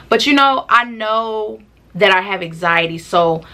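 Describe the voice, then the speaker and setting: A woman telling a personal story to the camera in a casual, slangy, animated way, acting out what people said. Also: mid-range voice, fairly quick. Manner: animated, slangy, acts out quotes. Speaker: storytime vlogger.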